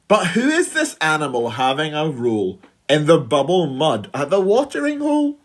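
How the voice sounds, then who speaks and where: A woman's voice: low voice, moderate pace, few pauses. Woman reading a rhyming story aloud. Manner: lively storytelling with exclaimed shouts. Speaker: teacher leading assembly. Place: at home.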